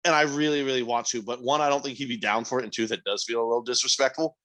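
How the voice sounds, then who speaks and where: A man's voice: mid-range voice, very fast. Rambling casual man, podcast co-host. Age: 30s. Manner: rambling, animated, acts out quotes in voices. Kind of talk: casual chat.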